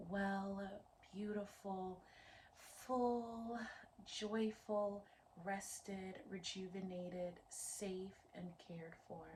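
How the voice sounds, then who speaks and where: A woman's voice: medium pitch, darkish tone, slight background noise. A young adult woman hosting a spiritual tarot reading, speaking in a dreamy, emotional way that often drops into a whisper. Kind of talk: soft-spoken spiritual channel talk.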